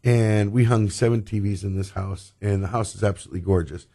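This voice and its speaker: A man's voice: fairly low pitch, steady tone, fairly quick, vocal fry, dark tone. A man hosting a talk radio show, chatting in a loose, rambling way with many fillers. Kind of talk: casual talk radio chat.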